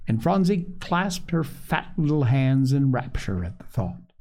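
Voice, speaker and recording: A man reading a children's story aloud, gentle, expressive and unhurried. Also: medium pitch.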